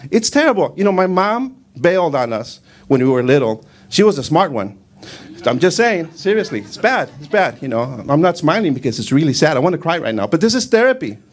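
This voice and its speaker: A man's voice: on the high side, brisk. Rambling man doing stand-up. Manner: rambling, deadpan delivery with frequent fillers, breaks into shouted Spanish quotes. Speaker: stand-up comedian. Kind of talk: stand-up comedy set. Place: comedy club stage.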